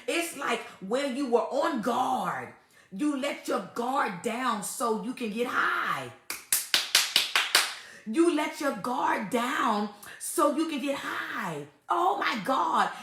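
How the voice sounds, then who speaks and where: This clip is reverberant, and the woman's voice is high and a bit bright. She's the host of a casual faith-oriented relationship talk, offering advice with emphasis and repetition and laughing often as she goes.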